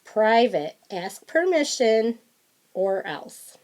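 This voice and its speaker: A woman's voice: fairly high pitch, very animated, very slow, darkish tone. A woman reading a children's fishing book aloud, adding chatty, playful comments between the lines of text.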